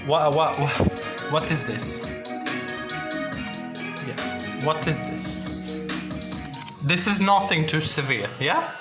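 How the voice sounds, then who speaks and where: A man's voice: fairly high pitch, big pitch swings, takes it slowly, long pauses, loud music behind the voice. A young man showing his orchids at home in a casual vlog, rambling with restarts and asking "yeah?" often. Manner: rambling, many restarts and tag questions. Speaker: orchid hobbyist vlogger. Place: indoors at home among plants and boxes.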